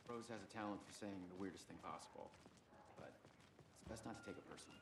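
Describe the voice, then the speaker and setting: An actor playing an easygoing small-town male sheriff in a video game, speaking in a folksy, relaxed way. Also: on the low side, quick pace, heavy background noise, close to an everyday voice.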